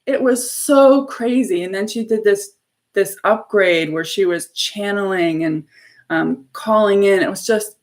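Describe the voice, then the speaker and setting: A woman hosting a casual spiritual live stream, talking in an earnest, effusive way. She shares her own experience in a loose, storytelling flow. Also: medium pitch. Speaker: live show host.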